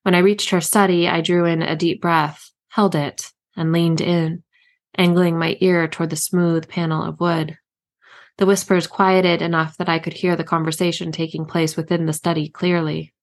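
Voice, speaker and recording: A woman reading her own novel aloud in a steady, measured first-person narration. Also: fairly low pitch. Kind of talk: audiobook narration.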